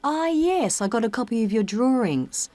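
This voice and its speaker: Woman playing an encouraging professor, lively voice. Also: fairly high pitch, normal speed, dry recording, natural voice. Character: female professor advising a student. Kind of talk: scripted exam listening recording.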